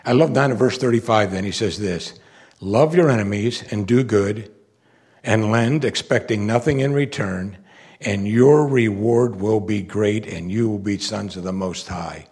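A man preaching a sermon, moving between quiet, reflective asides and loud, emphatic declarations. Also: lowish voice, moderate pace, slightly rough. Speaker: pastor.

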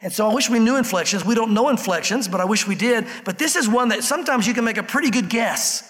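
A man's voice: high-pitched, lively intonation, fast talker, fairly bright tone, in a large hall. A man preaching a sermon to a congregation in a church, in a conversational style that slips into acted-out quotes. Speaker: pastor. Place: church sanctuary.

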